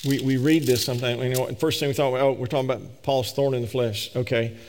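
A man preaching a sermon, swinging between emphatic raised peaks and slow, low scripture reading. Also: steady tone, darkish tone, a little hiss or hum. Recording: long reverb of a large hall.

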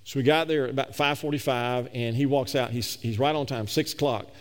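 A middle-aged man preaching a sermon, telling a personal story in a folksy, animated way full of repetitions. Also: mid-range voice, a little fast, long reverb tail. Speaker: pastor.

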